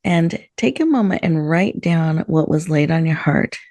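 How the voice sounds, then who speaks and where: A woman hosting a show, gently guiding listeners through a slow breathing meditation in a soothing manner. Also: sits low, animated, no echo. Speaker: host.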